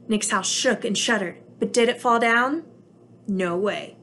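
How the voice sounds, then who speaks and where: A woman's voice: on the high side, measured pace, slight background noise. Woman reading a picture book aloud. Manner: expressive storytelling. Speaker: preschool teacher.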